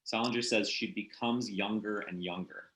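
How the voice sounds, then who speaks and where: A man with a lowish voice talks over a book in a relaxed conversation. He is thoughtful and halting, full of ums and restarts. His voice rings in an echoey room. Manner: hesitant, thoughtful, many fillers and restarts. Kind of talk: casual literary discussion.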